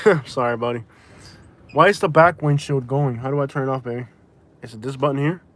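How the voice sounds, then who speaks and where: A man's voice: medium pitch, a bit bright. A man from Florida, live-streaming from inside his car, talking in a rambling, casual way, often restarting and correcting himself, and tired with a migraine. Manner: rambling, self-correcting, chatty. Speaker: vlogger. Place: inside a vehicle.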